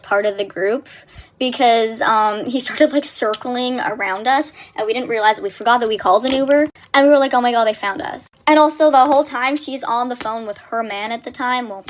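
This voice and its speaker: A young woman telling a story in a casual vlog, animated and breathless, packed with filler words. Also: fairly high pitch, fairly quick, a little hiss or hum.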